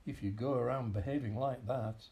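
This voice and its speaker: Male storyteller, gravelly, dark tone, lively children's story read-aloud. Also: medium pitch, normal speed. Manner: expressive, animated storytelling.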